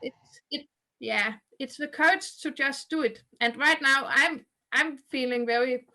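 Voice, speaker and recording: Woman interview guest, hesitant and halting, high bright voice. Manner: hesitant, many restarts and fillers. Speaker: guest cartoonist. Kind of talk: interview answers.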